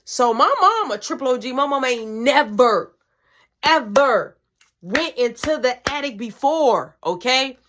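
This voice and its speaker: Animated young woman telling a story. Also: high-pitched, unhurried. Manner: animated, slangy, profane, acts out voices. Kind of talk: casual storytime vlog.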